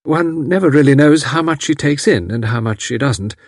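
Male narrator voicing a calm capable matron, cheerful, a bit higher. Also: no echo, clean studio sound. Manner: cheerful, comfortable, brisk. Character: calm competent matron of about fifty.

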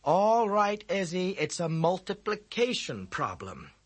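A man with a husky voice playing a firm, patient woman teacher in a classroom. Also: sits high, sing-song, a little slow, voice pushed up, full character voice. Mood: concerned. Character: patient, firm female schoolteacher.

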